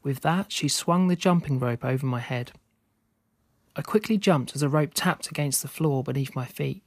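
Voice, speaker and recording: A man reading a scripted spooky story aloud in a steady, measured way. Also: mid-range voice, no echo, studio quality. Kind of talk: scripted narration.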